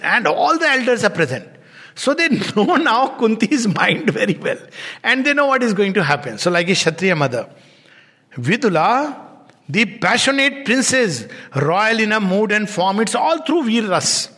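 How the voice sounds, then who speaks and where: Male lecturer, high voice, chuckles between lines, explains as he reads, long hall reverb. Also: very animated, normal speed, fairly bright tone, husky. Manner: laughs often, stops to explain. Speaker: teacher. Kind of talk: lecture with poetry readings.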